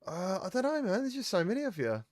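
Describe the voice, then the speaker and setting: A man's voice: high voice, big pitch swings, racing, over a noisy crowd. A British man hosting a podcast, chatting casually with a laughing, teasing manner over a video call. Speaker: podcast host. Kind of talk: casual chat.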